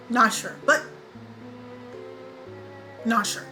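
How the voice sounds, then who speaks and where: A woman in her twenties recaps a TV drama in a casual, lively way. Her voice is bright and sits a little high. She laughs often, and she doubles up her lines for emphasis, with faint music under her. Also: moderate pace, long pauses, poor audio. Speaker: beauty vlogger.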